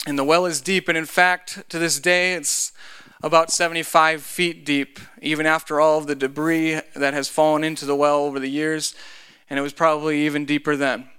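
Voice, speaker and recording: Bright-voiced preacher. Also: male voice, fairly high pitch, flat delivery, normal speed, clean tone. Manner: conversational, joking asides. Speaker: pastor. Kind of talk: sermon.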